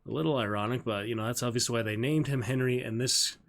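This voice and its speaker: A man's voice: medium pitch, quick pace. A man streaming casually as he learns his stage lines, thinking aloud and repeating the script again and again. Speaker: streamer and community theater actor.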